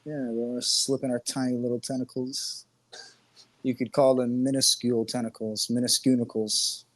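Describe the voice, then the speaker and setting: A man's voice: medium pitch, flat delivery, normal speed, dry recording. A man co-hosting a podcast, talking in a rambling, profane, joking way and laughing often. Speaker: podcast co-host. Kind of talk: crude casual chat.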